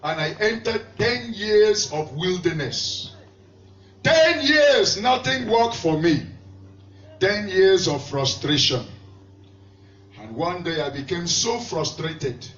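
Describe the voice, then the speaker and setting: High-voiced preacher man, 50s, shouting fervent sermon, far off mic. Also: lively intonation, takes it slowly. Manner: fervent, shouting bursts, call-and-response. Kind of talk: impassioned sermon. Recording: echoey hall, distant dull mic.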